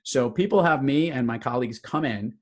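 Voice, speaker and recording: A man's voice: medium pitch, lively intonation, a little fast. A man being interviewed as a guest, upbeat and enthusiastic as he explains his work. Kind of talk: interview conversation.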